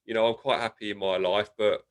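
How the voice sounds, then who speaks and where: A man's voice: fairly low pitch, steady tone, a little fast, a little hiss or hum. A young man hosting a casual interview, chatty and often restarting his words. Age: young adult. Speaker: host.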